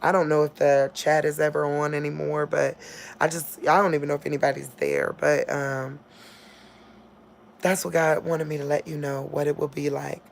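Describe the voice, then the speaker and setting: A woman giving an informal spiritual talk on a livestream. She laughs often and acts out quotes in a loud voice. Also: low voice, little pitch movement, moderate pace, gravelly, slight background noise. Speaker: online preacher.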